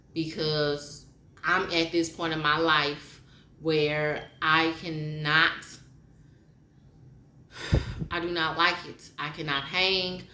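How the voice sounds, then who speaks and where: A motivational vlogger speaks frankly in a low, sharp-toned voice, first reading a poem and then giving a heartfelt pep talk that repeats itself. It's a personal monologue with spoken poetry. The audio has a roomy echo and slight background noise.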